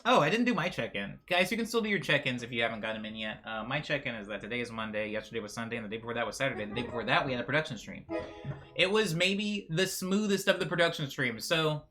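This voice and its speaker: Male streamer, casual and chatty, with a lively, bouncing voice. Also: mid-range voice, fast, soft background music. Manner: chatty, reads chat messages aloud, lots of fillers. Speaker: livestream host. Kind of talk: casual live-stream chat.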